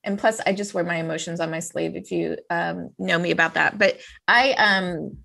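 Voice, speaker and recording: A woman's voice: fairly low pitch, normal speed, vocal fry, sharp tone. A woman hosting a podcast, chatting in an effusive and empathetic way. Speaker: podcast host. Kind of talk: casual podcast conversation.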